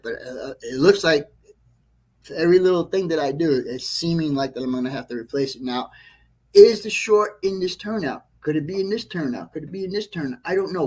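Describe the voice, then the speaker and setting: Rambling, frustrated man on a livestream. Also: on the high side. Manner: rambling, self-correcting, frequent throat clearing. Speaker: model railroad livestream host. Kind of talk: casual livestream chat to viewers. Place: train layout room at home.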